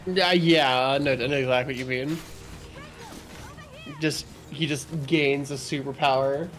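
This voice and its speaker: A man's voice: mid-range voice, fairly even intonation, measured pace, fairly bright tone. A man playing a co-op game, bantering casually with dry quips and easy agreement. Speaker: gamer playing co-op. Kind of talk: casual gaming chat.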